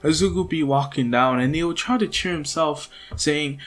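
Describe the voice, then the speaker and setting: A man's voice: a little high, normal speed. A man casually telling a made-up fan story in a loose, chatty way, with slang and fillers. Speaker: channel host, storyteller. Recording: faint background music.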